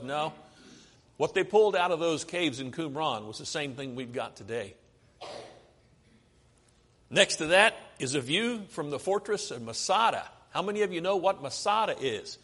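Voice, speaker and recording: In a hall with long reverb, an American man delivers a sermon in a slightly high, bright, animated voice at a moderate pace. He talks conversationally through his slides, asking the audience questions.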